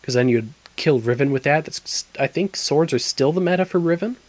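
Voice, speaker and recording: A man co-hosting a casual gaming chat, teasing his partner in quick banter. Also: fairly high pitch, darkish tone. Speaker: podcast co-host.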